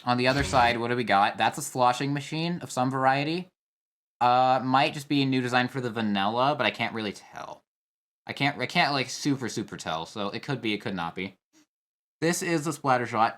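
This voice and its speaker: Reacting to a game trailer, a young competitive player offers casual commentary, filling pauses and restarting as he thinks aloud. His medium-pitched voice is fairly bright, and he speaks fairly quickly.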